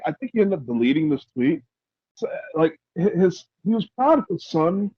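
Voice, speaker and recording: A man hosting a podcast, chatting casually in a rambling, halting way with many restarts. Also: high-pitched, no room sound, lo-fi sound. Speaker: podcast host. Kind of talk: casual opinionated chat.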